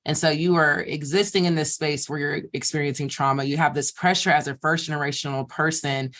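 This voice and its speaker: A woman hosting a podcast, affirming her guest warmly with short agreements before reflecting on her point. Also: sits low, steady tone, a little fast. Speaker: podcast host. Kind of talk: conversational interview.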